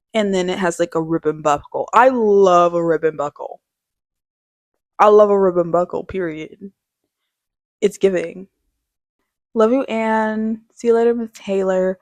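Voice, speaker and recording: Young woman, fashion vlogger; slow, gushy, dramatic delivery, dry close sound. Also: mid-range voice, dry recording. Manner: gushing, dramatic, slangy. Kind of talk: casual product showcase.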